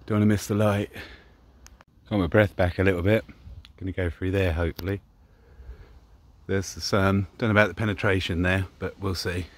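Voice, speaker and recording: A man's voice: deep voice, level tone, normal speed. An Englishman chatting casually as he narrates his own outdoor vlog by a river, speaking into a camera mic. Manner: chatty, laid-back commentary while walking outdoors. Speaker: vlogger filming drone flights. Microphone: camera mic, exposed to wind.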